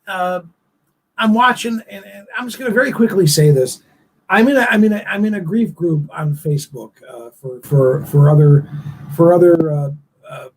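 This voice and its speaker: A man hosting a casual live-stream chat show, rambling and emotional with many halting restarts. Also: on the high side, darkish tone, slight background noise, poor audio. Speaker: host of a live online talk show.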